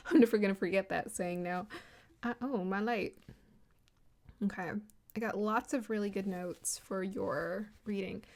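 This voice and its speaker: A woman of middle pitch gives a relaxed card reading, her speech gentle and unhurried. She talks in a flowing, spiritual manner and drifts into soft laughter at times. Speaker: tarot card reader. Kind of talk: casual spoken card reading.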